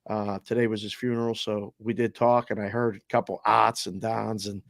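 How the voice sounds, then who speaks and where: A man's voice: fairly low pitch, little pitch movement, moderate pace, vocal fry, dry recording, clean studio sound. A man co-hosting a casual sports betting show, trading laid-back jokes and picks. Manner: laid-back, joking banter.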